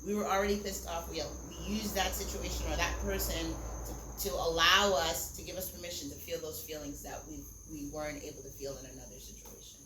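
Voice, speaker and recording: Woman, low voice, rambling candid podcast guest, echoey room, cricket noise behind. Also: steady tone, brisk, few pauses. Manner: candid, rambling, lots of "like" and "um", swears freely. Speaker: guest, singer. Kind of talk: casual podcast interview. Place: Costa Rica, outdoors or open room with crickets.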